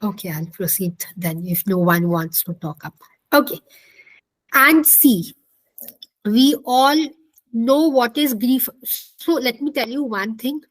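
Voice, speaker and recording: Woman, counselling lecture, explanatory, high-pitched, dry. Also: takes it slowly, no room sound, poor audio. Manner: explanatory, repeats key points, asks the class questions. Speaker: counselling instructor. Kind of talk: online class lecture.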